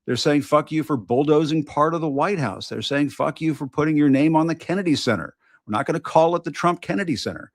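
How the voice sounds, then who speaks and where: A middle-aged man hosting his own news show, delivering an impassioned, emphatic political monologue full of repetition and profanity, with halting restarts. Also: fairly high pitch, no echo, studio quality. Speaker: host of an independent news show.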